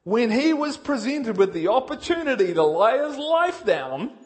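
A male preacher giving a sermon, energetic and direct, asking his listeners questions and swinging from loud emphasis to quiet intensity. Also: very high voice, a little slow.

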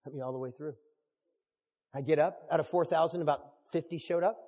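A man preaching a sermon as a storyteller, animated, swinging from hushed lines to shouting. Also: on the high side, brisk, in a large hall. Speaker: pastor.

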